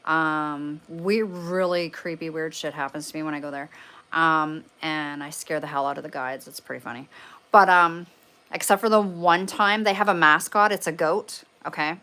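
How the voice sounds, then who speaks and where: Canadian-raised woman, casual livestream host, low-ish voice, rambling and foul-mouthed, lots of fillers. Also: fairly even intonation, moderate pace, pushed and bright. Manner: rambling and profane, with many fillers. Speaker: paranormal livestreamer. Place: room at home lit by candles.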